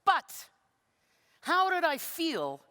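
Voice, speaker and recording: A woman giving a storytelling keynote in a conference hall, animated and self-deprecating, often laughing between phrases. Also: very high voice, extremely slow. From Canada. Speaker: keynote speaker. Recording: long reverb of a big hall.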